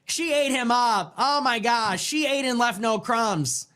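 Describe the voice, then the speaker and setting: A man's voice: very high voice, measured pace, pushed and bright. A man ranting in a scornful monologue as a political commentator, mocking others by mimicking them in a sing-song voice. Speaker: political commentator in a played clip. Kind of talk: monologue rant.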